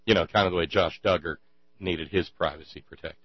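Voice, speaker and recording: A man giving an indignant, sarcastic monologue, halting often with fillers as he builds his points. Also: low-pitched, fairly even intonation, husky, no echo. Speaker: commentator. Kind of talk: ranting monologue. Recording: dry, dull lo-fi with mains hum.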